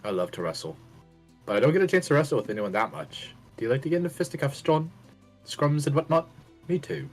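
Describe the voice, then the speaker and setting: A man's voice: fairly high pitch, expressive, fast talker, soft background music, close to an everyday voice. A man voicing an eager, adventurous young letter writer in a put-on British accent, hammy and breaking into laughs.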